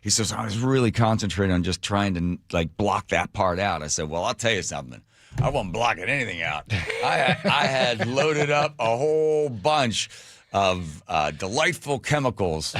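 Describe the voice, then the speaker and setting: Middle-aged male radio host, lively low voice, dry studio sound, self-mocking storyteller. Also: normal speed, no echo. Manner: animated, self-mocking, laughs at his own stories. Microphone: studio microphone.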